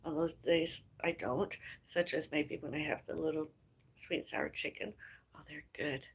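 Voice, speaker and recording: A woman with a low, gravelly voice that has a husky, breathy edge, yet sounds bright and forward. She chats casually to her livestream, rambling and thinking out loud, trailing off and sighing between thoughts. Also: fairly even intonation, normal speed. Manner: rambling, musing aloud, trailing off.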